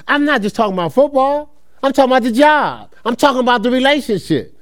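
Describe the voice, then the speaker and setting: Animated high-voiced male preacher. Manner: animated, conversational, acts out quick dialogues, laughs often. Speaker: pastor. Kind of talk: lively preaching sermon.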